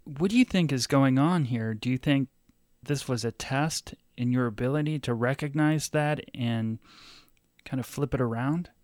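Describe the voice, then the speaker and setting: Male talk host, mid-range voice, measured delivery, dry studio sound. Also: mid-range voice, darkish tone, no echo. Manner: measured, reads passages aloud. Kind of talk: talk show interviewing and reading.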